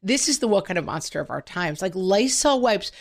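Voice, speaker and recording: A woman in her forties co-hosting a podcast in casual chat, telling stories with lively acted-out quotes. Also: medium pitch, a little fast. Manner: animated storytelling, quoting family in character. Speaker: podcast co-host.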